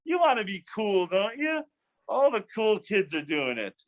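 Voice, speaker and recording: A man's voice: high voice, sing-song, unhurried, pitched above the performer's own voice. A man voicing a tempting male serpent who coaxes in a breezy, peer-pressuring way. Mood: coaxing.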